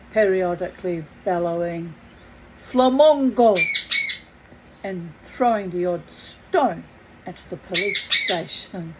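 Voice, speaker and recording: A woman's voice: medium pitch, background noise. A woman reading a book aloud, with chatty, self-mocking asides. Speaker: reader.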